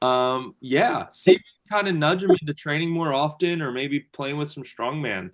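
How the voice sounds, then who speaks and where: A man's voice: a little high, normal speed. A man coaching gym members in a casual Q&A over a video call, talking loosely with lots of fillers and restarts. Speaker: strength coach.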